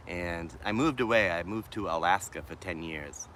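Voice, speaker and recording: A man's voice: deep voice, a bit bright, a little hiss or hum. A man with a faint Boston accent, musing unhurriedly on a casual livestream as he answers viewer comments from a shady park. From Boston, USA. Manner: unhurried, musing, with trailing restarts. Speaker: livestreaming vlogger. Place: wooded city park in the shade, outdoors.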